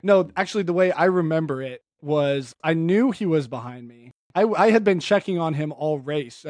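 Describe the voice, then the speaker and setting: A man's voice: on the high side, expressive, normal speed, few pauses, darkish tone, no echo. A young man, the younger brother, joking and teasing in casual chat.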